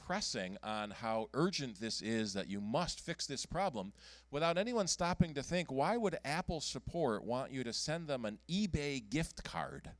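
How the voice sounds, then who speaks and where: A man presenting at a computer club meeting, speaking in a low, smooth, resonant voice. He talks casually and halts often, filling gaps with ums and restarting his sentences. The sound is dry and close. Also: dry recording. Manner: halting, many ums and restarts. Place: meeting room.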